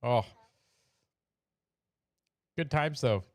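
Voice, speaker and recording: A man's voice: mid-range voice, drawn-out words, a little mellow, no room sound, clean studio sound. A man hosting a casual livestream, chatting and reacting to clips for his viewers. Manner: laughing, chatty, addresses chat. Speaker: livestream host. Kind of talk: casual live commentary. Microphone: desk mic, streaming.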